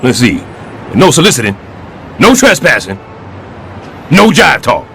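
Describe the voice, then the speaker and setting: A man voicing a brash, scheming middle-aged building superintendent in a cartoon, loud and sarcastic. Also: mid-range voice, wildly swooping pitch, measured pace, vocal fry, slight background noise, full character voice. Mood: blustery. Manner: loud, sarcastic wisecracking, jumps between growls and squeals. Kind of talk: stop-motion cartoon voice acting.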